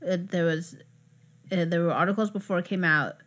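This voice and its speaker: Lower-pitched woman chatting about TV. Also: brisk. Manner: chatty, animated storytelling. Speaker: podcast co-host. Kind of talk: casual chat about TV and movies.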